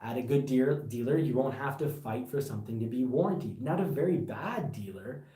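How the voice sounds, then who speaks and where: Male car vlogger, mid-pitched, passionate and rambling, recorded off-mic with room echo. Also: normal speed, recorded from a distance. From Canada. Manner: animated, gets worked up, rambling restarts. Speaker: car reviewer. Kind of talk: casual vlog commentary. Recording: echoey room, voice a bit off-mic.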